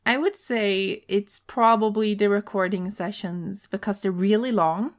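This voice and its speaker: A woman's voice: medium pitch, a little slow. Woman, casual chat. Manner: hesitant, with restarts and fillers. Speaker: co-host.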